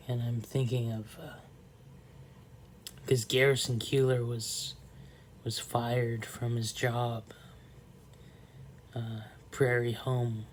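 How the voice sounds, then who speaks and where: A man talking to the camera in a slow, soft, rambling monologue, trailing off often and filling gaps with pauses. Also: mid-range voice, little pitch movement, slight background noise. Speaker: vlogger.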